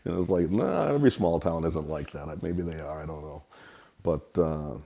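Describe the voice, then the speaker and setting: A man's voice: extremely low pitch, normal speed, creaky. A middle-aged man from Wisconsin, telling rambling stories about his childhood at the family restaurant. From Wisconsin, USA. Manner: relaxed, rambling anecdotes. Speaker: restaurant kitchen worker. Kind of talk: storytelling interview.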